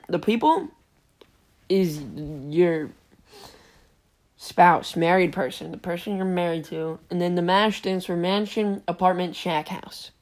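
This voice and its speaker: A young man hosting a podcast, telling a rambling story with frequent giggles and tangents. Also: sits high. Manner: giggly, digressive, self-interrupting. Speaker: podcast host.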